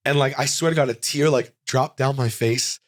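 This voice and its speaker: A man in his forties, a comedian guest, telling a rambling, animated anecdote in a casual interview, full of "like.". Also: medium pitch, normal speed, no echo, studio quality.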